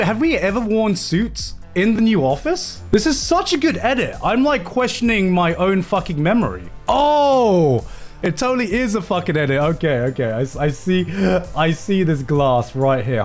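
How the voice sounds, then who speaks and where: A man's voice: sits high, sing-song, moderate pace, soft background music. A man streaming live, reacting to fan-made edits in a casual, incredulous way, swearing and laughing often.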